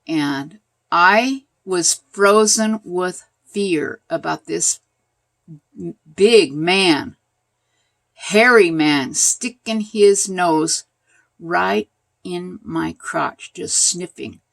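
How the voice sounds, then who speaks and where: Older woman telling a story, gravelly. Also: on the low side, extremely slow, no room sound. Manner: animated, laughing, pointing at places on a map. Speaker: vlogger telling a personal story. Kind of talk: casual storytelling.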